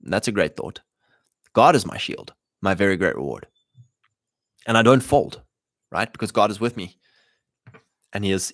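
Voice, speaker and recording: A man's voice: fairly low pitch, dry recording. Blunt, exhorting man, dry close sound. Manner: blunt, exhorting, retells Bible stories in slang. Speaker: podcast host addressing men. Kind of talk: casual preaching talk.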